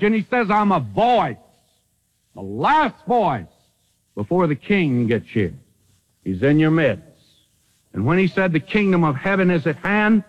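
A man preaching in a lively sermon voice that climbs and drops all over his range. He moves from ringing declarations to quiet, low asides. The sound is dull and muffled, like an old radio broadcast. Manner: dramatic, swings from loud to hushed.

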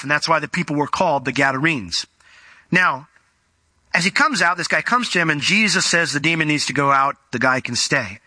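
Animated male preacher, bright dry voice. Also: a little high, dry recording. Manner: animated, acts out quoted voices, varies pace. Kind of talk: sermon.

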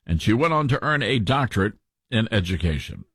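Southern radio host, animated husky voice. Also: male voice, on the low side, a little fast, no room sound. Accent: Southern US, Tennessee. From Tennessee. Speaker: radio talk show host. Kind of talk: talk radio commentary.

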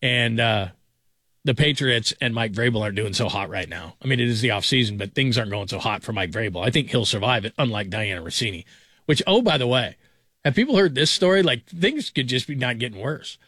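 A man's voice: medium pitch, expressive, brisk, pushed and bright, dry recording. Male sports talk host, mid-range voice, dry and close, rambling chatty delivery. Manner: rambling, conversational, chuckling asides. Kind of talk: late-night sports radio talk. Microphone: studio broadcast mic.

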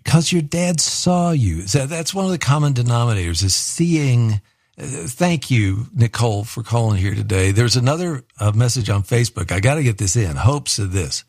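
A man's voice: mid-range voice, animated, moderate pace, a little mellow, dry recording. Male radio host, dry studio sound, encouraging, reflective. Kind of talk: call-in radio show hosting. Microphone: studio microphone.

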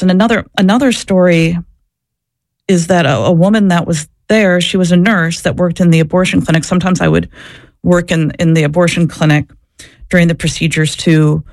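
A woman's voice: fairly low pitch, darkish tone, no echo, clean studio sound. A woman and former social worker answering interview questions, telling her story in an earnest, reflective way. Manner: earnest, reflective, searching for words.

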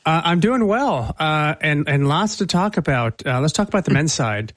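A male host whose voice sits a touch high, recorded dry and close. He introduces his guest and sets up questions briskly. His manner is conversational, and he drops in filler uhs as he goes. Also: expressive, a bit bright, no echo. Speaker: radio host. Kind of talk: interview introduction.

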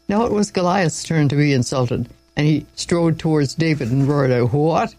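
A man's voice: a little high, normal speed, darkish tone, no echo, soft background music, poor audio. A man reading a Bible story aloud in an informal way, with small slips and asides along the way.

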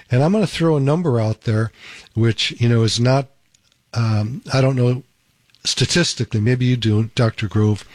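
A man's voice: medium pitch, dry recording. A man hosting a call-in radio health show, talking in an emphatic, persuasive way and repeating his key points.

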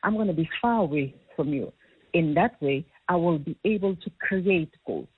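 A middle-aged South African woman phoning in, animated and storytelling as she recounts the game. Her husky voice comes through a thin, tinny phone line, dry and close. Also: fairly low pitch, moderate pace, dry recording. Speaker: caller. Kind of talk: casual phone-in chat.

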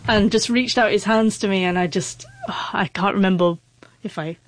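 Her voice sits at a medium pitch and moves at a moderate pace, with no room sound on the recording. This woman, an author and interview guest, stutters through repeated sounds as she tells a heartfelt, emotional story from her own life.

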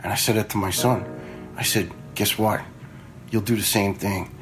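This retired fire lieutenant, a man in his fifties, spins casual stories bluntly and swears now and then. His lowish voice holds a steady tone at a moderate pace, with faint music behind a rough recording.

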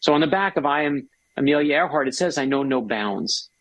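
A man's voice: fairly high pitch, expressive, a little fast, poor audio. A man, an author guest, telling stories with enthusiasm in a casual conversation. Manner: enthusiastic, storytelling.

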